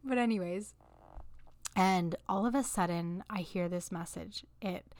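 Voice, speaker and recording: A woman's voice: lowish voice, unhurried, a little mellow, no echo. A woman hosting a podcast, sharing an earnest, emotional faith reflection that rises into impassioned exhortation. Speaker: podcast host. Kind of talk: faith-based personal reflection.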